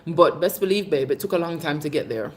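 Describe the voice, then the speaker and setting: A woman's voice: sits low, expressive, brisk. A woman hosting a casual livestream, chatting candidly with viewers and calling them babe. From Jamaica. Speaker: livestream host. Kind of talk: casual live chat reading viewer comments.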